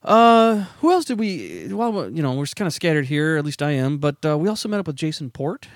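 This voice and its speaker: A man's voice: fairly high pitch, very animated, a little fast, no room sound, studio quality. A man hosting a podcast, telling rambling, self-deprecating stories in casual chat. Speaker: podcast host.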